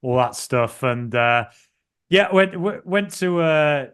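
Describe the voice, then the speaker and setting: A man's voice: on the high side, expressive, slow pace, fairly bright tone, clear, resonant tone. A young man co-hosting a casual podcast, telling a long story in a rambling way with frequent ums and restarts. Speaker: podcast co-host.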